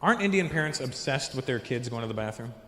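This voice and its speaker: A man in his forties doing stand-up comedy, animated and profane, acting out quotes. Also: medium pitch, fast. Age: 40s. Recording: reverberant hall with faint noise.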